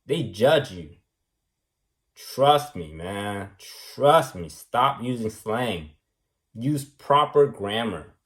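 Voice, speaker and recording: Slow, preachy man lecturing. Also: fairly low pitch, expressive. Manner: preachy, repetitive, ends lines with "man" and "right". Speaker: vlogger. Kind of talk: rambling monologue.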